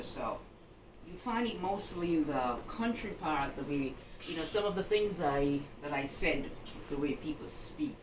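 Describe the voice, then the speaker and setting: A woman from Jamaica gives an unhurried, instructive housekeeping demonstration and keeps checking in with her viewer. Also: low-pitched. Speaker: housekeeping vlogger. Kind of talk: home laundry-folding demonstration. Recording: echoey room, voice from a distance, background noise.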